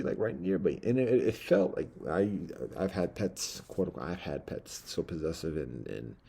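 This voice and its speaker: A man's voice: sits low, creaky, warm tone, slightly rough. A man telling a personal story in a casual, rambling monologue with many asides. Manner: rambling, loose, full of fillers and asides.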